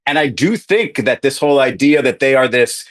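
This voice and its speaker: A man co-hosting a sports podcast, giving measured takes and settling low at the end of thoughts. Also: lively intonation, a bit bright. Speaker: podcast co-host. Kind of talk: casual sports talk.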